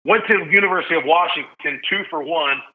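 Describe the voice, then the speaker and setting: Animated storyteller man on a phone-like line. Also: fairly high pitch, fast. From Tennessee. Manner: animated, acts out quoted voices, slangy. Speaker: podcast guest. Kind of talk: casual storytelling. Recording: tinny phone-line sound.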